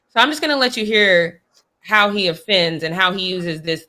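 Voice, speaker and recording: Bright-voiced woman sports co-host. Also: medium pitch, expressive, fairly quick. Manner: opinionated, emphatic. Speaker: podcast co-host. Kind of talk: casual sports chat.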